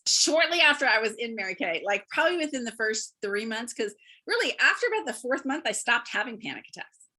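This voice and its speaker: Bright, lively woman telling stories. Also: fairly high pitch, a little fast. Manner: lively, laughs often while telling stories. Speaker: guest, beauty consultant. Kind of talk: casual storytelling interview.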